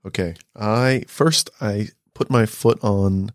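A man playing a tabletop game, speaking haltingly with many restarts. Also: lowish voice, no room sound, studio quality. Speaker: player. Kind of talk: casual tabletop game play.

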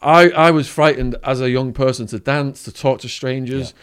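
A man's voice: mid-range voice, fairly even intonation, normal speed, smooth. A man with an English accent, a podcast guest telling a vivid story and acting out the voices of the people in it. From England. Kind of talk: storytelling interview.

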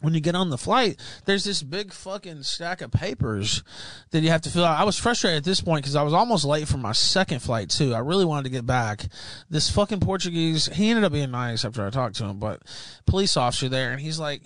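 A man's voice: on the high side, animated, fairly quick, fairly bright tone, no echo. A man hosting a podcast, telling a travel story in a rambling, profane way with many fillers. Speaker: podcast host. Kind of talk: casual chat.

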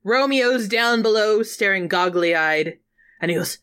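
A woman co-hosting a casual movie recap in a sardonic, animated way. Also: medium pitch, unhurried, clean tone. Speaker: podcast co-host.

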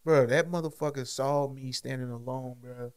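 Speaking smoothly at a normal speed and medium pitch, a man co-hosting a podcast relates a story in relaxed slang. He animates it by performing the quotes of the people involved.

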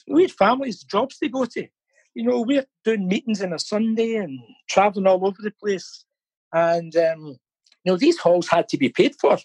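A middle-aged fan campaigner tells stories as a guest in a casual interview, laughing often and repeating words while he thinks. His high voice is slightly rough, and the low-quality, echo-free audio comes through a phone or video call.

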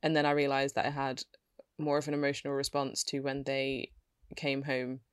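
Low-voiced woman, dry and wry. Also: monotone, normal speed, clear, resonant tone, no echo. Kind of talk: casual podcast chat.

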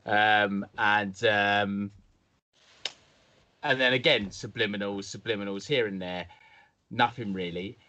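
A man's voice: on the low side, steady tone, slow pace, pauses often, sharp tone, muffled recording, a little hiss or hum. A young man telling a story casually on a podcast, now and then putting on voices. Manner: laid-back storytelling, slips into mock voices. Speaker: podcast co-host.

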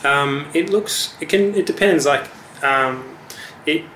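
A man's voice: a little high, slow pace, pushed and bright, a little hiss or hum. A young man, a musician chatting casually as an interview guest, talking with many fillers and restarts. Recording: echoey room with faint ambience.

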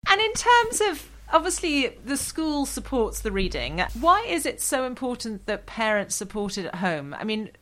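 A woman's voice: on the high side, big pitch swings, normal speed, few pauses, fairly bright tone. A woman hosting a podcast interview, candid and chatty, often laughing at herself. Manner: candid and chatty, self-deprecating. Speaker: podcast host. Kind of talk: conversational interview.

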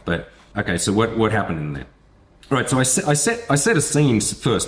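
Low male voice, storytelling coach, casual and profane, acts out characters. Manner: animated, swearing, acts out voices and moments. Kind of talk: teaching storytelling through a personal anecdote.

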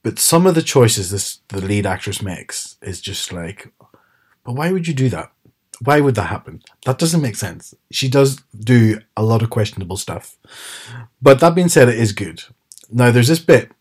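A man's voice: lowish voice, a little mellow. A man chatting casually as a podcast co-host, retelling TV scenes with quoted lines. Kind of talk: casual chat.

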